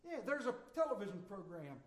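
High-voiced folksy pastor in echoey church. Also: male voice, very animated, a little fast. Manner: folksy storytelling with emphatic swings. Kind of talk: sermon. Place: church sanctuary.

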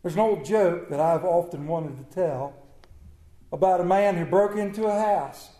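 A man preaching a sermon in an earnest manner, repeating key words and often dropping to a hushed tone. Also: sits high, moderate pace, reverberant, rough recording.

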